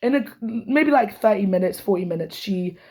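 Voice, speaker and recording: A young woman tells a personal story to camera in a heated, profane rant. She is hoarse from losing her voice and often restarts her sentences. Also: mid-range voice, expressive, normal speed, a little mellow.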